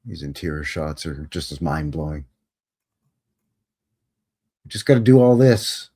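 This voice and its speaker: A man's voice: a bass voice, animated, unhurried, dark tone, husky. A man hosting a live show who comments casually on photos, with a wry and joking manner that turns easily to amazement. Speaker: host.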